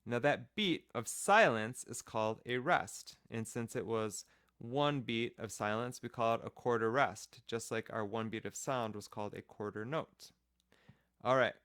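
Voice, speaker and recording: A man's voice: medium pitch, fairly bright tone, clear, resonant tone, dry recording, clean studio sound. A man teaching a children's music class, patiently explaining rhythm step by step and counting off the beat.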